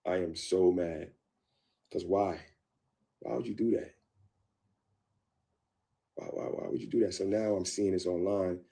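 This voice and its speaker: Man, low gravelly voice, mellow tone; candid interview guest who replays his old thoughts and repeats himself. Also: measured pace, long pauses. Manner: animated, acts out his own past thoughts, repeats phrases.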